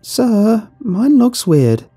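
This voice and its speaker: A man voicing a frightened teenage schoolgirl, high and alarmed. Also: very animated, drawn-out words, dark tone, husky, soft background music, heavily acted.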